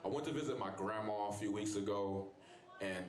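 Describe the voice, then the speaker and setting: A man's voice: low voice, steady tone, fairly quick, faint music behind. A man performing a stand-up set, telling loose, profane stories and talking back to the crowd. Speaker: stand-up comedian. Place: bar comedy stage. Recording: echoey club with loud crowd. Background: crowd laughing.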